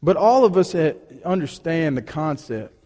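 Man, pastor, sermon, conversational, frequent restarts, hushed to emphatic, long hall reverb. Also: fairly high pitch, expressive, moderate pace. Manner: swings between hushed and emphatic.

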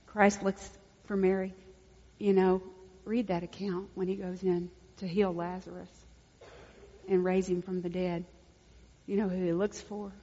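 A woman preaching a sermon, swinging from hushed, intimate lines to loud emphatic peaks. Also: fairly low pitch, level tone, a little slow, slightly rough. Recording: dull lo-fi recording with long hall reverb.

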